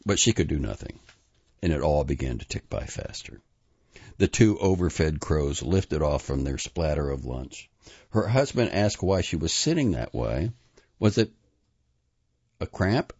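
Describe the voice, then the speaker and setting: A man narrating a novel in an expressive storytelling manner, moving between dramatic and hushed delivery. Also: very deep voice, moderate pace, vocal fry, breathy edge, no room sound, dull audio. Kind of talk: audiobook narration.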